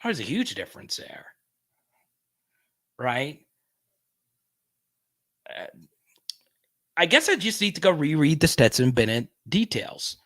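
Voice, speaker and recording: A man's voice: a little high, big pitch swings, slow pace, pauses often, a bit bright, no echo. A man hosting a casual live stream, chatting and reading viewer comments aloud.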